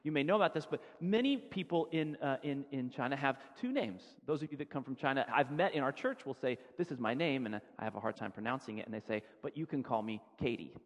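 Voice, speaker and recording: A man preaching a sermon as a pastor, telling a story in a relaxed, conversational way and often repeating words as he goes. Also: medium pitch, fast talker, hardly any pauses, lo-fi sound. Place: church sanctuary. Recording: long church-hall reverb.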